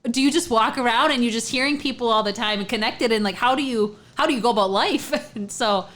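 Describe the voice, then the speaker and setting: A woman's voice: on the high side, fast, a bit bright. A woman hosting an interview, asking follow-up questions in an encouraging way. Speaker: podcast host. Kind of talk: interview chat.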